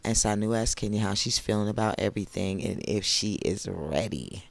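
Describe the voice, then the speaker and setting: Hoarse, gravelly man gushing over a recap. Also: on the low side, normal speed, no echo. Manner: gushing, chatty storytelling with asides. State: hoarse, voice not fully recovered. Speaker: reality TV recap host. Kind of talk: casual TV recap commentary.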